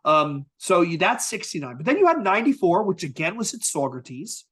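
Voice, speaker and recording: A man hosting a podcast, talking in an animated, casual way and often asking "right?". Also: high voice, a little fast, breathy edge. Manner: animated, asks rhetorical "right?". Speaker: podcast host. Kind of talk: casual chat.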